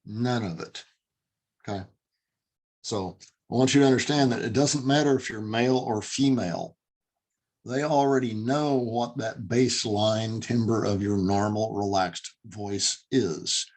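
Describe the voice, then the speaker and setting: A man's voice: lowish voice, unhurried, a little mellow. A man teaching an online class on dog handling, speaking emphatically over a video call. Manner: emphatic, demonstrates voice tones. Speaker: dog trainer and instructor.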